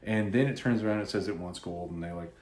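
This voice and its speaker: A man casually recapping a comic book, animated and rambling, often restarting his sentences. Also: low-pitched, quick pace. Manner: animated, rambling, self-interrupting. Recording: roomy echo.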